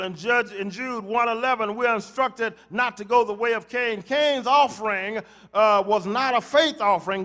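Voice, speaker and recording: A man preaching a sermon, repeating phrases and rising to shouted climaxes. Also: high-pitched. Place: church sanctuary.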